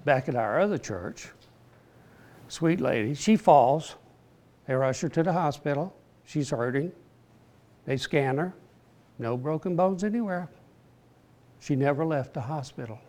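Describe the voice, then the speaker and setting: An older man leads a casual Bible class, his voice sitting a little high for a man. He talks slowly and plainly, with an earnest, halting manner as he works through scripture. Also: expressive. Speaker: Bible study teacher. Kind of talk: informal Bible class teaching.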